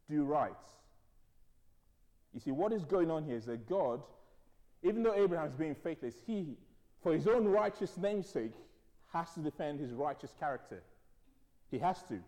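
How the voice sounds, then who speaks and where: A man's voice: a little high, moderate pace. A man preaching a sermon, telling stories with conversational asides. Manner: animated storytelling, conversational asides. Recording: hall reverb.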